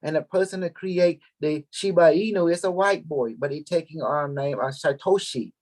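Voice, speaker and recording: A man's voice: a little high, normal speed, a little mellow. A man, talking casually and at length to his followers, rambling and repeating himself as he goes. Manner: rambling, repeats words, mixes languages. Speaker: group leader. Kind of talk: casual spiritual talk to followers.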